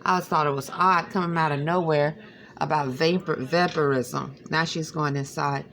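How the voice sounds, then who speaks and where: Halting, gravelly-voiced woman vlogging at night. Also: deep voice, fairly even intonation, a bit bright. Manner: hesitant, rambling, many fillers. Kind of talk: late-night personal monologue.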